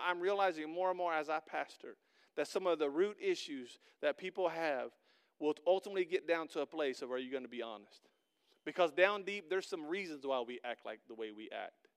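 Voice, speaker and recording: A middle-aged man preaches a sermon as pastor, talking to his congregation in an earnest, conversational way. His voice sits high and stays smooth and resonant. He often builds to loud, emphatic peaks. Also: a little fast.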